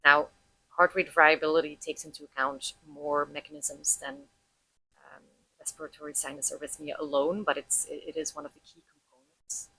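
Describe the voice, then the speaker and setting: A woman teaching about heart rate and breath, calmly explaining and guiding listeners through a breathing practice step by step. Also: deep voice, moderate pace, creaky, husky, poor audio. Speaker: breathwork instructor.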